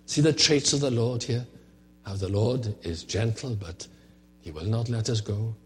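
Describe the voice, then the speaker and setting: A man's voice: medium pitch, unhurried, soft background music. A man preaching a sermon, earnest and rhetorical, often asking questions of his listeners. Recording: long hall reverb.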